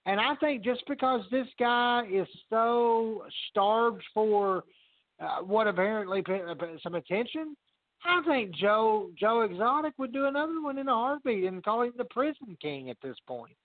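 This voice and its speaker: A man's voice: high voice, normal speed, no echo. A man co-hosting a podcast, talking casually and animatedly, swearing freely. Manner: animated, swears freely, quotes others in voices. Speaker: podcast co-host. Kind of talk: casual profane chat. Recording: dry, phone-like narrow sound.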